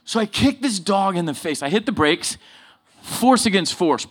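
A man preaching a sermon full of personal stories, swinging between loud emphasis and low asides. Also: lively intonation, normal speed. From Southern California.

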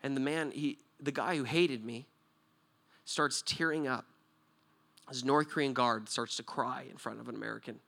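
A man preaching a sermon with a bright, ringing voice. He swings between loud, emphatic points and hushed storytelling. He keeps checking in with the room, tossing out a quick "right?". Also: mid-range voice, creaky. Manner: talks to the listeners directly with frequent "right?".

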